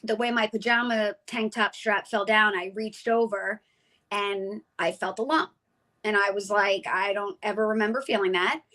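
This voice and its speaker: A woman in her forties with a bright, sharp voice tells her story as an interview guest. She talks with feeling and acts out the lines of the people in her story. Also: mid-range voice, moderate pace, poor audio. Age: 40s. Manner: animated storyteller, acts out quoted dialogue.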